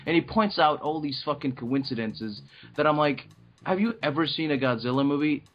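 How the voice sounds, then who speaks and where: A man co-hosting a casual movie chat, talking in excited, profane, rambling bursts with many restarts. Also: on the high side, normal speed, muffled recording, faint music behind. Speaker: podcast co-host.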